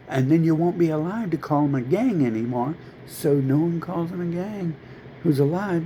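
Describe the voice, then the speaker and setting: A man's voice: on the high side, gravelly, mellow, slight background noise, low-quality recording. A man in a casual, profane, rambling rant, talking heatedly to camera.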